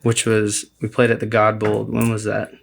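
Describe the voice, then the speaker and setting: Gravelly man in casual podcast chat. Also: fairly low pitch, completely flat delivery, moderate pace, slight background noise. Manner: laid-back, rambling, many fillers and restarts.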